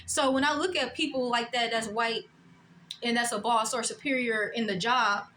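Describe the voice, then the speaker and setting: A woman in her twenties telling a story to her viewers in a blunt, profane, animated way. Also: on the high side, normal speed, slight background noise. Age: 20s. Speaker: vlogger. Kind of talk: casual storytime monologue.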